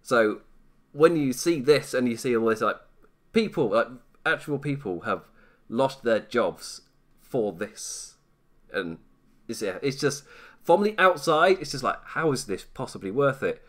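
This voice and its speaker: A British man talking through a live stream. He rambles and mocks himself, and his pitch sits in an ordinary middle range. He laughs often between points. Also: expressive, unhurried, a bit bright. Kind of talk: casual live-stream commentary.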